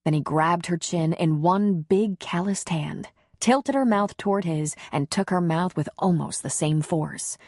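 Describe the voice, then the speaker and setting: A woman with a husky, lowish voice reads a romance audiobook slowly and intimately. The sound is dry and close, with no room around it. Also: darkish tone, dry recording. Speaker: audiobook narrator. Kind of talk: scripted romance audiobook narration.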